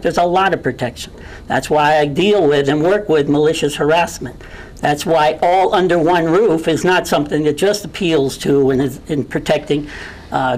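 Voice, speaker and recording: A woman with an Idaho accent giving an earnest, impassioned candidate forum speech, halting at times with many fillers. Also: low voice, low-quality recording.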